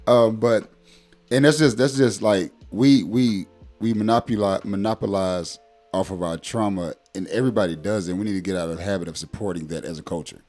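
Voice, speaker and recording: A man's voice: fairly low pitch, fairly quick, a little mellow, soft background music. A man in his thirties speaking as a parent in a casual conversation, blunt and emphatic with many fillers. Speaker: guest parent.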